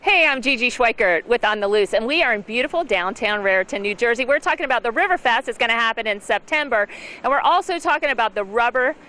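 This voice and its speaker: A woman's voice: on the high side, expressive, quick pace, bright, forceful tone, slight background noise. A woman hosting local TV promo interviews in the street, bubbly, joking and exclamatory. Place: outdoors in a town street.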